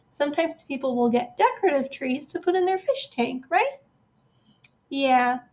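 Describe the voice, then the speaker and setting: Woman, children's librarian, storytime reading, animated, chatty, high voice, slow pace. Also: highs cut off. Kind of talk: storytime read-aloud for children.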